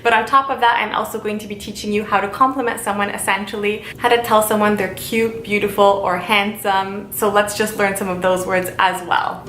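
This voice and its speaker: A woman teaching a language lesson, speaking slowly and repeating each word for learners to follow. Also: mid-range voice, steady tone, fairly bright tone, echoey room, a little hiss or hum. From Italian heritage. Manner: slow, repeats words for learners.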